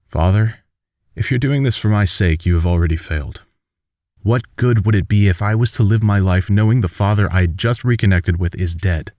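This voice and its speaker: A man's voice: on the low side, normal speed, a little mellow, no room sound, studio quality, close to an everyday voice. A man voicing a defiant, bitter young woman who talks sharply and sarcastically in a fan-made audiobook. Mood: pleading.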